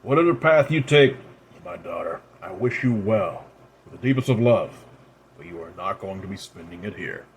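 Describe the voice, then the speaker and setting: A man voicing a stern, ancient father who solemnly lectures his disobedient daughter in a measured, grave manner, speaking a little higher and louder than his narration. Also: expressive, a little hiss or hum. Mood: stern lecturing.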